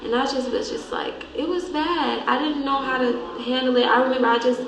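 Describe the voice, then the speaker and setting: A young woman hosting a vlog, telling a painful memory in a halting, grieving way that trails off softly. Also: high voice, vocal fry, slight background noise. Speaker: vlog host. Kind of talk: emotional storytelling. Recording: echoey room.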